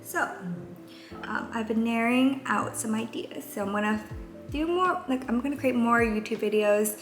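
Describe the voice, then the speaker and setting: A woman's voice: fairly high pitch, normal speed. A young woman in her twenties talking candidly in a casual vlog, rambling with many fillers. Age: 20s. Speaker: vlogger. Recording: roomy echo, faint music.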